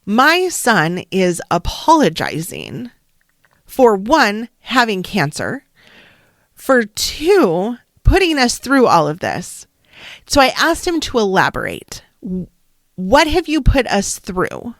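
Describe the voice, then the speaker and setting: A middle-aged woman, a wellness coach and counselor, shares a personal story in an unhurried, heartfelt monologue. She speaks slowly, with halting pauses, at a middle pitch. The sound is close and dry, with no room echo. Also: wildly swooping pitch, vocal fry. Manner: slow, halting, heartfelt delivery.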